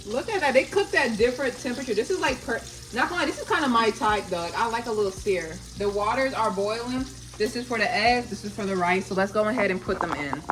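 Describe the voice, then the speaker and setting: Chatting, cursing and joking, a young vlogger talks through each step as she cooks at home. Her fairly high voice moves quickly with lively intonation and barely any pauses, picked up over background noise by a phone charging at a distance from the stove.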